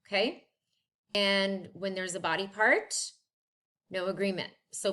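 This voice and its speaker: A woman's voice: mid-range voice, steady tone, takes it slowly, sharp tone. A woman French teacher recording a lesson at home, talking in a friendly, chatty way and switching between English and French.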